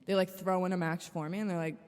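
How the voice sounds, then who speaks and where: A woman's voice: on the low side, level tone, fast talker, darkish tone, smooth, in a large hall. A woman hosting a podcast, telling a story in a casual, rambling way that is frank and full of swearing. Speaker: podcast host.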